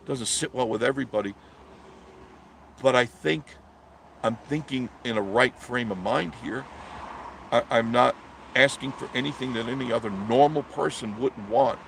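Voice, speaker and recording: A man's voice: mid-range voice, creaky, slight background noise. A man hosting a live stream, delivering a blunt, preachy monologue and answering viewer comments.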